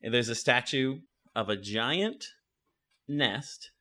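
Male game master, casual halting narration, lively intonation. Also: mid-range voice. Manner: casual, halting, many restarts.

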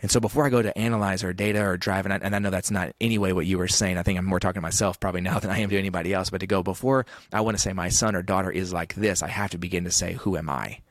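A man's voice: low voice, steady tone, rapid-fire, few pauses, dry recording, clean studio sound. A man in his thirties, a podcast guest talking in an earnest, reflective way with frequent restarts. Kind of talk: podcast conversation.

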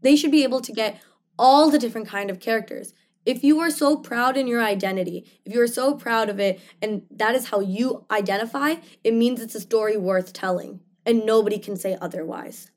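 A woman's voice: on the high side, brisk. A young woman, an actress, speaking passionately in an interview, emphatic and full of "like" and "you know". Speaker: actress guest. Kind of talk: interview conversation.

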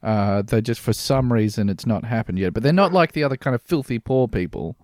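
Male co-host, mid-pitched, deadpan jokes, dry mic. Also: brisk, dry recording. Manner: joking, mock-earnest. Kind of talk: casual political chat.

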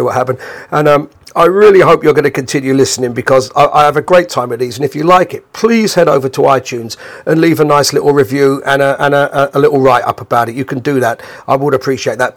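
A middle-aged man hosting a podcast, telling a story in an animated way and acting out the voices of the people in it. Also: mid-range voice, gravelly. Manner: animated, acts out the quoted voices of people in his stories. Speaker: podcast host. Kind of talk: storytelling monologue.

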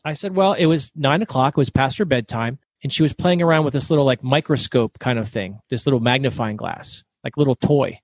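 A middle-aged man telling stories as a guest author in an interview, talking fast and loud. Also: mid-range voice, slightly rough. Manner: fast, loud, animated storyteller. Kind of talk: storytelling interview.

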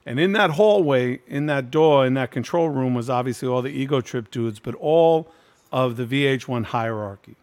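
A man's voice: mid-range voice, normal speed, darkish tone. A middle-aged man hosting a casual chat, telling a long story in loose street slang with plenty of swearing. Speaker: host.

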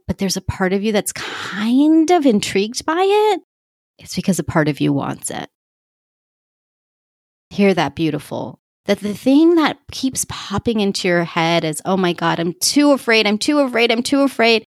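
Woman coach, animated storyteller, fairly low voice, dry close sound. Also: no room sound. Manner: animated, laughs often, acts out quoted dialogue. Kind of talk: casual storytelling to listeners.

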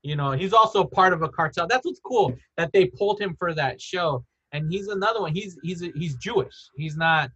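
A man's voice: high voice, lively intonation, moderate pace, hardly any pauses, pushed and bright, breathy edge, muffled recording. A man in casual podcast chat, rambling with many "like"s, restarting his sentences and laughing often.

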